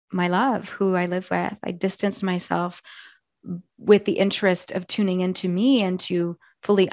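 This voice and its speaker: A hoarse woman who coaches clients, speaking slowly and earnestly in a reflective personal monologue. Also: on the low side, dry recording, studio quality. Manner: slow, soft and earnest. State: hoarse from yelling. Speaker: wellness coach.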